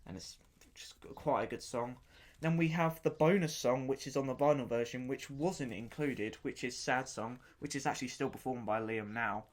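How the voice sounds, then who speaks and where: Speaking at medium pitch and a moderate pace, this man hosts his own podcast and talks casually, without a script, about an album. His review wanders eagerly, circling back on itself as he stops to find the right word.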